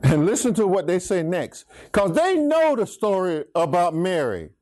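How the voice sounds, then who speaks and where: High-voiced preacher calling out to his flock. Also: wildly swooping pitch, moderate pace, a crowd in the background. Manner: preachy, swings pitch, asks congregation to finish lines. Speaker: pastor. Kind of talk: call-and-response Bible teaching.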